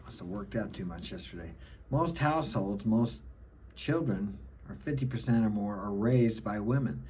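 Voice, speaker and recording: A man's voice: lowish voice, moderate pace, dark tone, a little hiss or hum. A middle-aged man giving an opinionated monologue to camera, lecturing and often ending his points with a checking "okay?". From United States. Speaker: self-help vlogger.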